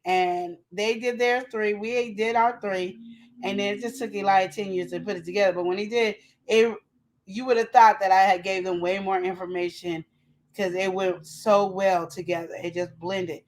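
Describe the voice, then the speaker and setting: A woman co-hosting a relationship talk show, telling stories in a lively way and acting out quotes and sound effects. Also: mid-range voice, normal speed. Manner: animated storytelling, acts out quotes and sound effects. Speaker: podcast co-host. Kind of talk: casual chat.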